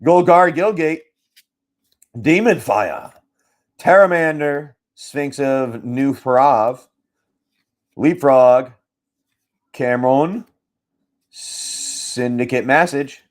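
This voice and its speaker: A man hosting a live card-pack stream, chatting casually, telling a story with quoted lines, swearing freely and talking loudly. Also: mid-range voice. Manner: loud, swears freely, tells stories with quoted dialogue. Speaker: live card-break seller. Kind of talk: casual chat while opening card packs.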